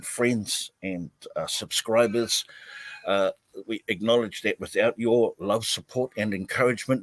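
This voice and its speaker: A man's voice: medium pitch, dry recording, rough recording. A man hosts a live stream from outdoors behind his house, chatting casually with many fillers and greeting viewers by name.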